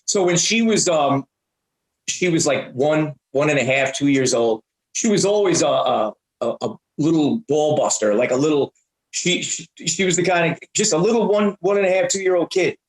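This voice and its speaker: Man talking haltingly in a roomy echo. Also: fairly high pitch, expressive. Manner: halting, many restarts, blunt and profane. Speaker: interview guest, prank-call comedian. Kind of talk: casual interview chat.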